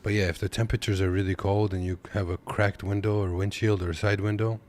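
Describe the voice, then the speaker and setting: A man's voice: lowish voice, flat delivery, fast, a little mellow, slight background noise. A man from Kazakhstan who drives trucks, giving laid-back, joking reaction commentary from his desk. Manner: laid-back, joking, talks to viewers as "boys".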